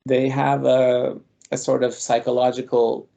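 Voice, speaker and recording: Gravelly mellow guy, guest scholar telling stories from his life slow and thoughtful. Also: medium pitch, level tone, highs cut off. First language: Armenian. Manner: thoughtful, measured, with frequent pauses. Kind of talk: reflective personal storytelling.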